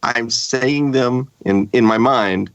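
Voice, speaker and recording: A man from Texas, talking as a guest on a podcast roundtable in a halting, hesitant way, full of fillers. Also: medium pitch, no room sound. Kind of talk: casual roundtable chat.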